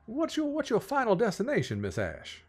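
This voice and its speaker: A man voicing an older, bald, showy male city lord in a tabletop game, with a loud, grandly polite, folksy put-on Southern drawl. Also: high-pitched, huge pitch swings, fairly quick, voice pushed up, full character voice. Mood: probing.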